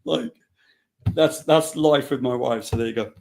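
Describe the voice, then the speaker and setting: A man's voice: medium pitch, unhurried, creaky. A man, a guest writer, telling a funny anecdote in casual chat, acting out the quotes. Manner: animated anecdote teller, acts out quotes. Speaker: guest, comic book writer.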